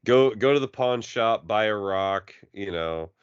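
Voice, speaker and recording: Very deep smooth-voiced man. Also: animated, no room sound. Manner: joking wordplay, drawn-out delivery. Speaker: podcast co-host. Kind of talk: casual chat. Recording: dry, dull lo-fi recording.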